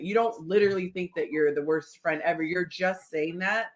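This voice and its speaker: A woman hosting a podcast in casual chat, telling stories with animated quoted voices. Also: on the low side, a little fast, hardly any pauses. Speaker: podcast host.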